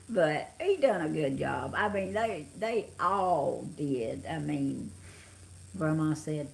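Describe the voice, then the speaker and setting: A woman's voice: low voice, expressive, takes it slowly, gravelly, a little hiss or hum. A middle-aged woman with a Southern US accent, tired and chatting casually on a live stream, greeting viewers by name. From Georgia, US. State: tired, yawning. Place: home, on the couch.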